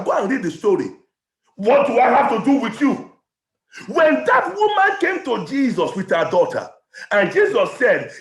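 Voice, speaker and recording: Nigerian pastor guy, really high voice, swings up and down a lot, preaching loud in a churchy echo. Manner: impassioned preaching, often shouting, with stammered repetitions. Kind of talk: sermon. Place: church hall. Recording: echoey church hall.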